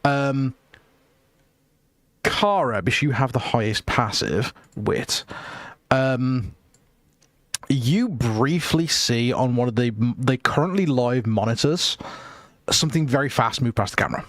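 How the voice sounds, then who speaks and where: A man narrating a tabletop game as game master, relaxed and full of fillers. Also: mid-range voice, a little slow, no room sound.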